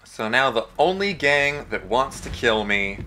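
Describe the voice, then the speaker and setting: A man's voice: mid-range voice, very animated, measured pace, pushed and bright, slight background noise. A young man narrating his gameplay, joking and self-mocking with rambling asides. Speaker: let's play host. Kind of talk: gameplay commentary.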